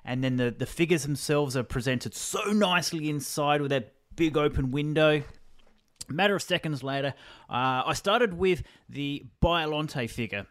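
A man with a slightly raised pitch chats about a freshly arrived collectible. He is casual and eager, and piles on detail as he describes it. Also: fairly bright tone. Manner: enthusiastic, detailed describing of toys. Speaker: podcast co-host. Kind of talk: casual chat.

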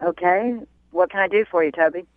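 A woman's voice: lowish voice, fairly quick. Indignant woman on a tinny phone line. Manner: indignant, defensive. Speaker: prank call target. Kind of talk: phone call.

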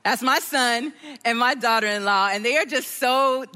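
Middle-aged woman guest speaker; expressive, playful church storyteller with a bright, high voice. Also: moderate pace, clean tone, in a large hall. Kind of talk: church talk.

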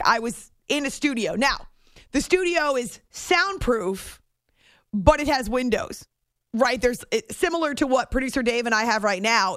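A woman hosting a sports radio show, telling a story on air in a chatty, animated way that often breaks off mid-sentence. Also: fairly high pitch, no echo, clean studio sound. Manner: chatty, animated, self-interrupting. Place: radio studio. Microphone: studio microphone.

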